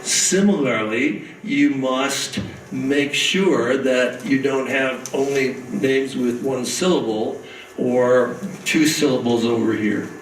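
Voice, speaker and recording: A man's voice: mid-range voice, slow. Chatty man lecturing in an echoey hall. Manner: rambling, many "uh" fillers, quips to audience. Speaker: author giving a workshop talk. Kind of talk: conference lecture with anecdotes. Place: conference room. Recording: echoey hall, mic at a distance, faint hiss.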